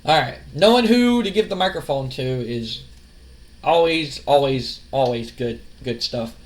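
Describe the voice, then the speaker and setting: A man's voice: mid-range voice, animated, measured pace. A young man casually narrating a wrestling sim game, rambling and swearing as he retells the action. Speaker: let's-play narrator.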